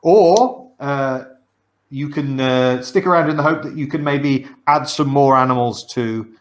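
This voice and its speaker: A man's voice: mid-range voice, measured pace. A man hosting a board game show over a video call, patiently explaining the rules with frequent "uh" fillers. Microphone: video call mic.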